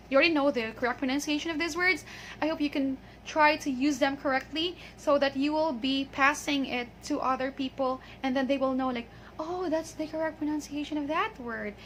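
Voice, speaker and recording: A woman's voice: high voice, pushed and bright, slight background noise. A woman teaching pronunciation in an online lesson, patient and encouraging, often checking in with "okay". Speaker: English teacher.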